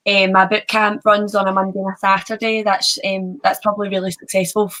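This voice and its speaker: A woman's voice: medium pitch, level tone, a little fast, a bit bright. A woman speaking as a podcast guest about her fitness business in casual chat.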